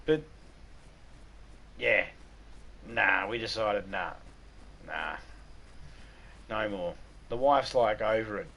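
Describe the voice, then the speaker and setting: Speaking very slowly in a lowish, gravelly voice that is expressive, pushed and bright, this Australian man pauses often while chatting casually on his live game stream. As a gaming streamer, he fills the time with crude, profane joking banter.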